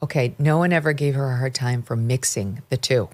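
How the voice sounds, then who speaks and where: Low-voiced sardonic woman host. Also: brisk, a little mellow. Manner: wry, sarcastic asides. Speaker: podcast host. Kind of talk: opinionated talk-show chat.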